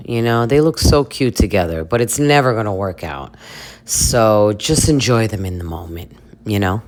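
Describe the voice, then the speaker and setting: A low-voiced woman riffs sarcastically on reality TV as she narrates. Her commentary is casual, crude and full of profanity. She speaks as the host of a comedy reaction channel.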